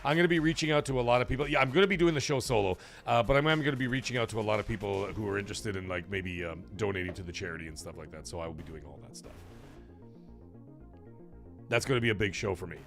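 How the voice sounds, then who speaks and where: A man's voice: on the low side, quick pace, vocal fry, a bit bright, soft background music. A man hosting a casual live stream, chatting with viewers, rambling with many fillers and restarts and swearing freely. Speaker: streamer and show host.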